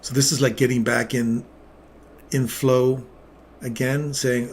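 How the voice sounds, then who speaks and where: A middle-aged man giving excitable, self-mocking live commentary on his own trades as he makes them. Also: medium pitch, slow pace, pauses often, a little hiss or hum.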